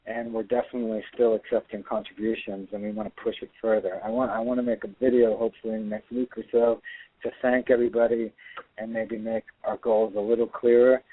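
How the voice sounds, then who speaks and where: A middle-aged actor and filmmaker, talking earnestly as a guest in a radio interview, rambling with many restarts. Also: male voice, mid-range voice, flat delivery, a little fast, dry recording. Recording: tinny dry phone line.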